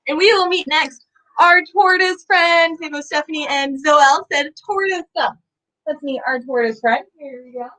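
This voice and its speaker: A young woman hosting a live kids' lesson with animals, bubbly and full of questions for viewers, her voice a little hoarse. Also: high voice, normal speed, sharp tone, poor audio. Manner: bubbly, asks viewers questions, sing-song sound effects. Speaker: children's animal educator.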